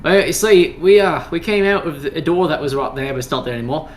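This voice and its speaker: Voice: mid-range voice, lively intonation, fast talker, faint music behind, lightly acted. A player doing a folksy, polite vampire. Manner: folksy, deferential drawl. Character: polite southern-accented male vampire adventurer.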